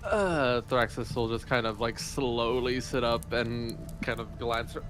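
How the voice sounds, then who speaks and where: A man plays in a tabletop game, describing his character hesitantly and with amusement. His voice sits at a middle pitch, with soft music in the background. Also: measured pace. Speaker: player.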